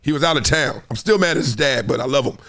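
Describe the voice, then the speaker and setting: Fast and at a medium pitch, a man runs a casual sports commentary show, addressing his viewers head-on. He's lively and slangy, breaking into sing-song bits along the way.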